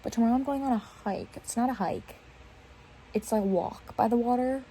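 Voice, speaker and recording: A woman's voice: on the high side, fairly quick, mellow, slight background noise, poor audio. A young woman chatting casually into her phone camera in bed at night, rambling and laughing at herself. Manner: rambling, self-mocking, giggly. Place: bedroom at night.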